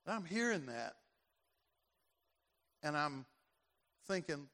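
Man preaching, fairly high voice, storytelling, long reverb of a big church. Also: normal speed, long pauses. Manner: storytelling preacher, acts out voices, builds to loud emphasis. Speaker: pastor. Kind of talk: sermon.

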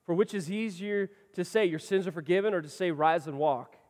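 High-voiced man preaching in a reverberant hall. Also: brisk. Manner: impassioned preaching, swinging from loud to soft. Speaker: pastor. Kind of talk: sermon.

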